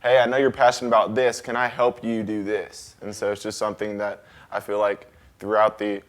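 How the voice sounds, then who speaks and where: A man's voice: on the low side, monotone, a little fast. A teenage boy, a student guest answering interview questions earnestly, with some hesitant fillers. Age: teens. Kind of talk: casual interview.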